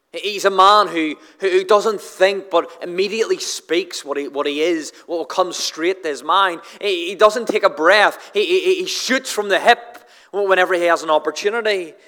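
A man preaching a sermon, stammering and repeating words as he starts sentences, with many filler "uh"s, his voice rising for emphasis and then dropping low and slow. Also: sharp tone, big-room sound. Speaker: pastor.

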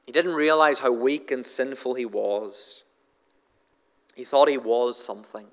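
Heard in a big room, a pastor's slightly bright voice rises for emphasis and then falls low and slow as he preaches. He stammers and repeats words when starting sentences and leans on frequent "uh"s.

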